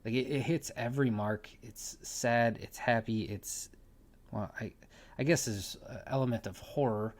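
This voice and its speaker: A man's voice: medium pitch, a little slow. Male reviewer who talks loose and offhand, restarts sentences and chuckles. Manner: rambling, repeats words, laughs often. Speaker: movie reviewer. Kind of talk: casual spoken movie review.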